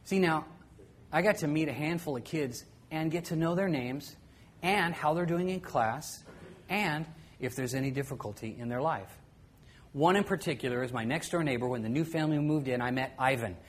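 A middle-aged man telling a personal story to an audience in a conversational way, often dropping to a quiet voice and chuckling now and then. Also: a little high, moderate pace.

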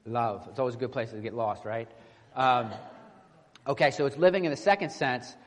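A man preaches through a scripture passage in an easy, conversational way, stumbling over restarts and often asking his congregation "right?". His voice is mid-pitched. It rings out with a long reverb in a church sanctuary. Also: moderate pace. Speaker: pastor. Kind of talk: expository sermon with scripture reading.

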